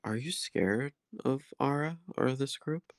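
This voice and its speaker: A man playing a calm, earnest character in a tabletop game, speaking reassuringly. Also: mid-range voice, a little slow, no echo, studio quality. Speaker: player.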